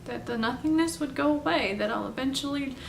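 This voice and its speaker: A young woman telling a personal story in a halting, confessional way, at home. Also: high voice, creaky, recorded from a distance. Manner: halting, confessional, soft-spoken. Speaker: vlogger telling her story. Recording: roomy, off-mic, faint background noise.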